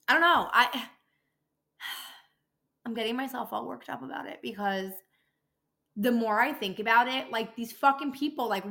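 A woman's voice: medium pitch, pushed and bright. A young adult woman hosting a casual podcast, ranting and swearing freely as she gets worked up. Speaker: podcast host, dental office worker.

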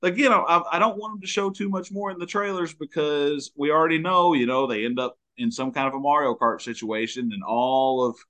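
A man, co-hosting a relaxed, opinionated chat over a video call. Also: fairly high pitch, fairly quick, few pauses. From Kentucky. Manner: relaxed, opinionated, laughs often. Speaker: podcast co-host. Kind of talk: casual chat.

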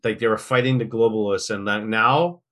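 A man's voice: lowish voice, fairly quick, a bit bright. A man co-hosting a podcast, talking casually and reflectively, often restarting his sentences. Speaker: podcast co-host. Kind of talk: casual chat.

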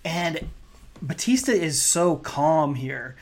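A man with a mid-range voice chats through a wrestling replay on a podcast. He talks loosely, with plenty of fillers and quick laughs along the way. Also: on the high side, animated. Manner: chatty, many fillers and laughs. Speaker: podcast co-host. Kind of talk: casual wrestling commentary chat.

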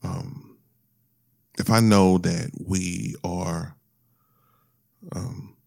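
A deep-voiced man speaks in a halting, emotional monologue, stumbling over his words and trying not to cry. His low voice has a gravelly, creaky edge. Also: fairly even intonation, a little mellow, dry recording, studio quality. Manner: halting, restarts often, fighting back tears. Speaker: storyteller sharing a personal loss.

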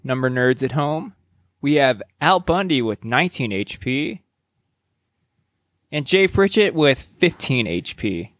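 Slow-talking laid-back man, dry sound. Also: mid-range voice, very animated, fairly bright tone, no room sound. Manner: laid-back, chuckling, drawn-out storytelling. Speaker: co-host. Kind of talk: casual play-by-play banter.

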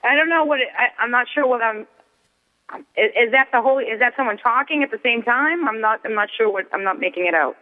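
High-voiced caller on an echoey phone line. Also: male voice, fast talker. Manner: hesitant, stammering. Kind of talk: casual radio chat. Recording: echoey, tinny phone call.

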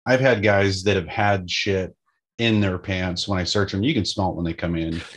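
A man's voice: low-pitched, fairly even intonation, moderate pace, a bit bright, slightly rough. A man, a police officer, sharing stories from work in a dry, matter-of-fact way during casual chat.

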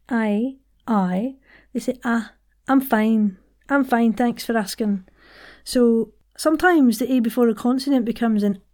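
A woman's voice: medium pitch, darkish tone. A woman, teaching a voice and workshop in a chatty, demonstrative, self-deprecating way. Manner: counts breaths aloud, drops to whispers. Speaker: voice coach. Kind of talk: voice and accent workshop.

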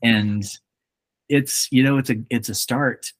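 A man's voice: medium pitch, fairly even intonation, measured pace, no room sound. A young adult man hosting a podcast, chatting casually and joking as he acts out little quotes. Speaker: podcast host. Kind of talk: casual chat.

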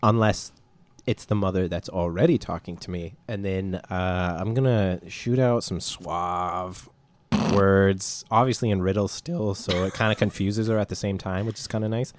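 A man's voice: deep voice, moderate pace, no room sound. A man chatting casually and telling a joking story, laughing often. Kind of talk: casual comedic chat.

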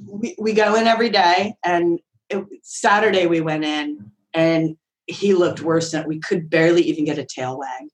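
Woman guest on a podcast, lowish voice, chatty and animated, lots of "like" and "right?". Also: normal speed, low-quality recording. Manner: animated, acts out voices with big pitch swings; chatty, frequent fillers like "like" and "right?". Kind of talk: casual storytelling.

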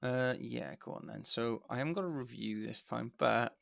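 A man's voice: medium pitch, moderate pace, vocal fry, fairly bright tone, dry recording, clean studio sound. A young adult Welsh man co-hosting a podcast, chatting in an easygoing, wry way. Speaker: podcast co-host. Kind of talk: casual podcast chat.

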